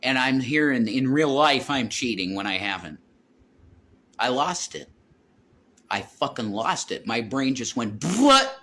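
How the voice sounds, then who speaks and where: Man, middle-aged, tense bright voice, profane, heated, rambling vlog storytelling. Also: mid-range voice, expressive, measured pace, long pauses, a little hiss or hum. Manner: profane, heated, swears constantly. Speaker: vlogger. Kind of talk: rambling personal storytelling to viewers.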